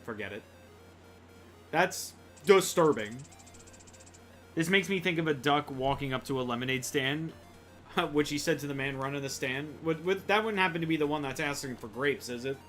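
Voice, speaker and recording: A chatty male streamer gives casual, jokey commentary while he plays, greeting his chat as he goes. His voice is bright and forceful, pitched a little high. Game music plays faintly underneath. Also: moderate pace, long pauses.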